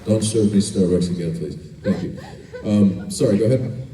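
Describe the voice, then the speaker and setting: A man's voice: fairly low pitch, normal speed. A man answering fan questions at a convention panel in a casual, joking, laid-back way, rambling a little. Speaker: guest actor at fan panel. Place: large indoor convention hall. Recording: echoey convention hall, distant mic, noise.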